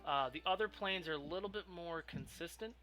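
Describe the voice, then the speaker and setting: A man's voice: fairly high pitch, fairly quick, pushed and bright, soft background music. A man narrating as game master of a tabletop role-play, rambling with lots of ums and restarts. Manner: rambling, filler-heavy, self-interrupting.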